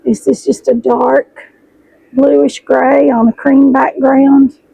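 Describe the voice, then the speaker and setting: A middle-aged woman, chatting excitedly to her viewers as she unboxes fabric, her voice hoarse and froggy. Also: high voice, slow, no echo, rough recording. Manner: chatty, gushing, addresses viewers as y'all. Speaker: sewing vlogger host. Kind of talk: casual chat while unboxing fabric.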